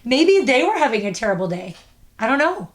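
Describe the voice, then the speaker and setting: A woman's voice: a little high, sing-song, fairly quick. Earnest woman telling a personal story. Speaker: podcast host. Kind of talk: casual chat.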